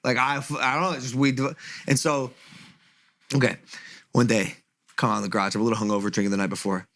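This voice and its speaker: A young man talks in casual chat at a middle pitch that sounds neither high nor low. He tells an animated story and swears freely along the way. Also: quick pace. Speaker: storyteller guest.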